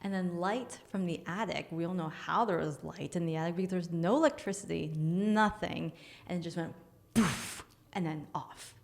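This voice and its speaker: A woman's voice: on the low side, fairly quick, vocal fry. A woman guest, an energy healer, telling a story casually, acting out scenes and laughing often.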